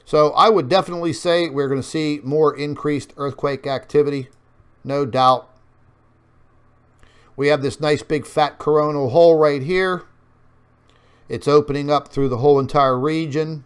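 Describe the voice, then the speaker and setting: Slightly high and clean-toned, his voice stays fairly even in intonation, moving at a moderate pace with frequent pauses. He's an online news host guiding folks through on-screen maps in a wandering, filler-laden, casual way.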